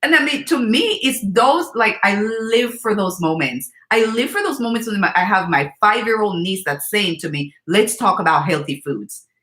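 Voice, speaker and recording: Candid, filler-heavy woman host of a nutrition live stream, clear bright tone, echoey room. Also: normal speed, hardly any pauses. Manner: chatty, candid, many fillers like "you know" and "like", reads out viewer comments; animated when quoting her niece, jumping high in pitch. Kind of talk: casual live-stream chat with viewers.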